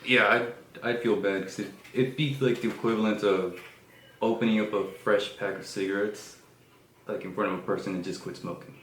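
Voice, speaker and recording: A man in his thirties co-hosting a casual podcast, relaxed and agreeable with lots of fillers. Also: on the low side, fairly quick. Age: 30s. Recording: roomy echo with faint background noise.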